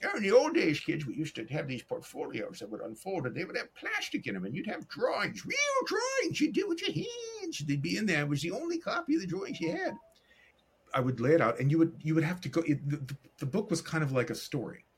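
A middle-aged man, an animator and director, telling a story as a podcast guest in an animated way and acting out the dialogue. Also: on the high side, fast talker, gravelly, breathy edge. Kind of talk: casual storytelling.

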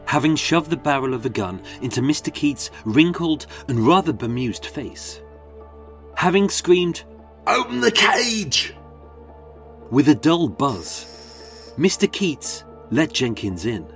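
Male narrator for dramatic crime storytelling, mid-pitched, very expressive intonation. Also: unhurried, soft background music. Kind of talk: scripted true-crime narration.

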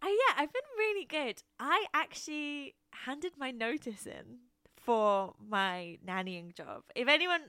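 A woman in her twenties co-hosting a podcast, excitable and rambling, laughing often. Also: sits high, measured pace, smooth, no room sound, studio quality. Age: 20s. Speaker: podcast co-host. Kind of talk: casual chat.

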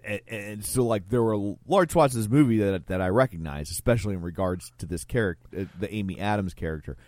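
A man with a fairly low voice chats casually about a movie with friends. He halts and restarts a lot, earnest as he works his thoughts out. The sound is dry and close. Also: a little mellow, no echo. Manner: halting, restarts often, earnest. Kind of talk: casual film discussion.

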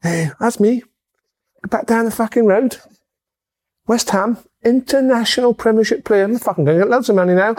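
A man's voice: high-pitched, moderate pace, darkish tone, pitched above the performer's own voice, close to an everyday voice. A man voicing a brash, money-minded male footballer with a put-on cockney accent. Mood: boastful. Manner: boastful, exclaiming.

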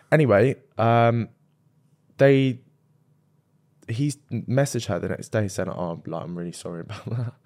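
A man's voice: on the low side, a little slow, pauses often, darkish tone. A young man co-hosting a casual podcast, telling a story in a chatty way. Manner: chatty storyteller recounting anecdotes. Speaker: podcast co-host. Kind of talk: casual chat.

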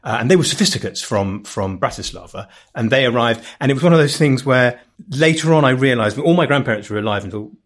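A man's voice: medium pitch, expressive, fast talker, few pauses. A man chatting as a podcast guest, a wry, jokey storyteller who keeps interrupting and restarting himself. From England. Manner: rambling, self-interrupting storyteller with frequent restarts. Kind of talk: casual chat.

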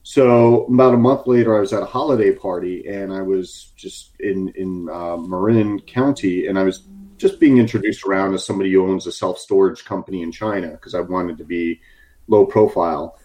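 A man's voice: deep voice, normal speed, dark tone. A man from the United States talking casually as an interview guest, telling a story with many fillers and restarts and a wry tone. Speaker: interview guest, short seller.

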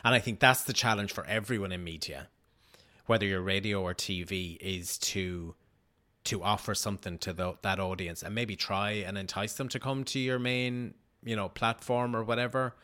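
A lower-pitched Irish man in his thirties, talking freely as an interview guest. He tells his story in a loose, chatty way, peppered with fillers and self-corrections. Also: normal speed, bright, forceful tone. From Ireland. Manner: chatty storyteller, many "like"s and restarts. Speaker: TV news reporter, guest. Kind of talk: casual interview chat.

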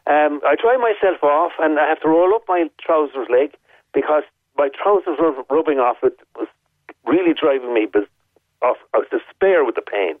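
An Irish man rings in to a radio show and walks through his story step by step, stressing the key moments by repeating them. His voice sits a little high for a man. It comes through a tinny phone line with no room around it. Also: lively intonation, normal speed, no room sound. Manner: vivid, detailed storytelling with emphatic repetition. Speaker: caller. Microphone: telephone.

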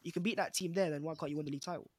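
A man's voice: a little high, fairly even intonation, darkish tone, husky, no echo. A young man with a London accent arguing emphatically in a casual football podcast debate. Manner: fast, emphatic, argumentative. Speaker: podcast panelist, Arsenal fan.

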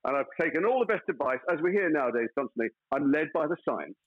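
A man's voice: on the high side, lively intonation, quick pace, narrow, tinny audio. A man, an actor guest in a casual interview, telling stories playfully with mock outrage.

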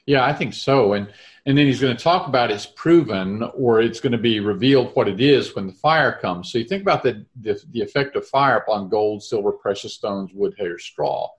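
A man's voice: lowish voice, expressive, moderate pace. Man leading a casual Bible study. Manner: thinks aloud, reads verses and explains.

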